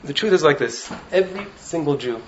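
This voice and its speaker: A man giving an animated Torah talk as a rabbi in a study hall, often asking "right?" to his listeners. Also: fairly high pitch, brisk, dull audio, a little hiss or hum. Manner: animated, keeps checking in with "right?". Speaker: rabbi teaching in a yeshiva.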